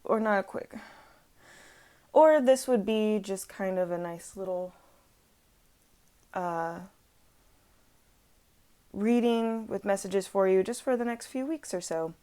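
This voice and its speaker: A woman talks through a tarot reading at home. Her voice sits at an ordinary middle pitch. She rambles casually, correcting herself and filling pauses as she goes. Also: dark tone, smooth. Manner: chatty and rambling, with frequent fillers and self-corrections. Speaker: tarot reader. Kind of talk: casual chat. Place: at home with her dog on her lap.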